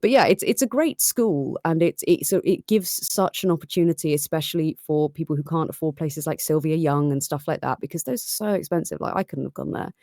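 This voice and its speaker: A woman's voice: deep voice, brisk, few pauses, dark tone, no echo, clean studio sound. A young woman chatting casually and jokily as a guest, with frequent restarts. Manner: chatty, jokey, with restarts and laughs. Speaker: guest audio maker. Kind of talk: casual chat on a live stream.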